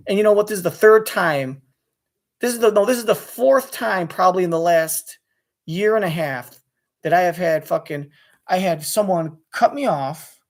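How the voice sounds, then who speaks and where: A man ranting angrily about being cut off as a sports radio caller, swearing and restarting his sentences. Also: high-pitched. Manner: rapid, restless, with many restarts and swearing. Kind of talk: angry profane rant to camera.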